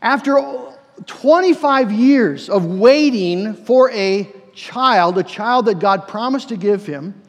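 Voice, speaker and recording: A man preacher delivering a sermon, emphatic, repeating words and slowing down for key phrases. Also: high voice, expressive. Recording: long hall reverb.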